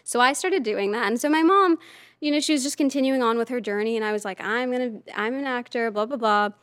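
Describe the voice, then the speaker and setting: A woman guest on a podcast, telling stories casually and lively, often slipping into quoted voices. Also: a little high, quick pace, dry recording, clean studio sound. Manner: animated, lively storyteller who slips into quoted voices. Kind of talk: casual storytelling in conversation.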